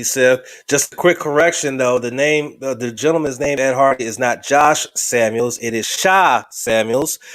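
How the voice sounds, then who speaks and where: A man hosting a podcast, pitched a touch higher than most men. He chats casually and swears freely, jumping from dry asides to excited outbursts. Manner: profane, excitable and joking. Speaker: podcast host. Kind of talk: casual chat.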